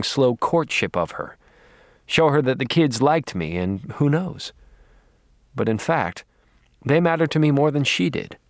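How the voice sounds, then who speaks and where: A man narrating an audiobook in a dry, wry, deadpan manner. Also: mid-range voice, no room sound.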